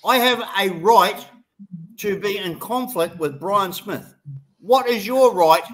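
A man's voice: high voice, expressive, takes it slowly, a bit bright. An older man co-hosting a heated online debate, blunt and combative, swearing freely. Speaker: show co-host.

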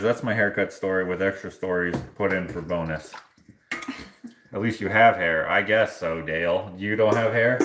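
A man's voice: lowish voice, echoey room, slight background noise. A man livestreaming casual stories from his home kitchen while washing dishes, acting out the people in them. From Canada. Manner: animated, acts out other people in his story. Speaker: live streamer.

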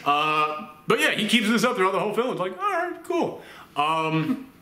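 A man's voice: high voice, animated, moderate pace, sharp tone. A man from the Southern United States giving a casual film review, chatty, with laughing asides and acted-out quotes. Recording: roomy echo.

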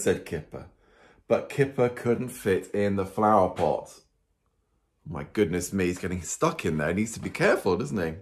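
A man's voice: low-pitched, normal speed. A man, a priest reading a story to small children and getting them to count along. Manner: animated, asks the children questions and counts along.

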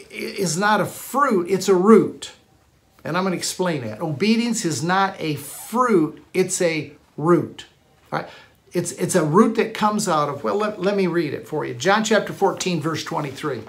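Male pastor, live-streamed sermon, emphatic repetitive delivery, a bit high-pitched. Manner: emphatic preacher, repeats key phrases, frequent restarts.

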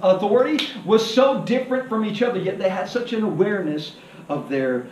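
Animated preacher in an echoey hall. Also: male voice, high voice, brisk, slight background noise. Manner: animated preaching, acts out voices, asks the crowd to repeat. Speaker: pastor. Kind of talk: sermon. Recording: echoey hall, heard from a distance.

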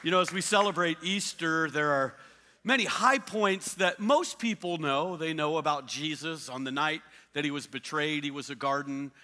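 A man's voice: on the high side, normal speed, big-room sound. A man preaching a sermon as pastor, telling stories animatedly and acting out the quotes. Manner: animated storytelling with acted-out quotes. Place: church.

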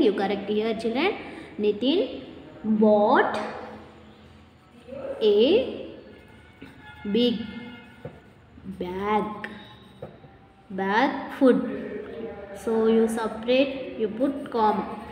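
A woman teaching English to schoolchildren in an Indian accent, speaking slowly and repeating words and phrases for the class. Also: a little high, lively intonation, darkish tone. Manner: slow, repetitive, addresses children, drills words aloud. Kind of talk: classroom lesson recording. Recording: echoey room, noisy class behind.

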